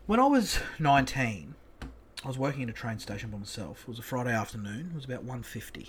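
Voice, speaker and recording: A man's voice: mid-range voice, a little hiss or hum. A middle-aged man with an Australian accent, hosting a casual podcast chat and telling a story in a blunt, profane, laid-back way. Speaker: podcast host.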